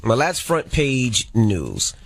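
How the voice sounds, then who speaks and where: A man's voice: mid-range voice, huge pitch swings, slow, vocal fry. A man hosting a morning radio show, upbeat and announcer-like, taking calls. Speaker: radio host. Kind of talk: radio hosting and call intros.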